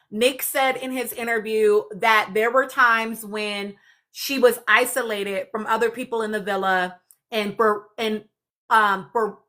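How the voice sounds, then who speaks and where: A woman with a slightly high voice and a sharp tone hosts a live podcast stream. She's chatty and casual, speaking straight to her viewers.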